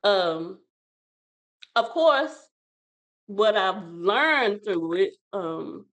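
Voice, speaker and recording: Animated, rambling woman storyteller. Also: medium pitch, drawn-out words. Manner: animated, rambling, with restarts and laughs. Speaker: childcare center owner, guest. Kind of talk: casual storytelling interview.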